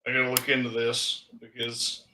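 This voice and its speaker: A young man co-hosting a podcast in casual chat, excitable and stumbling over restarts. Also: medium pitch, moderate pace, a little hiss or hum, poor audio. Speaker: podcast co-host.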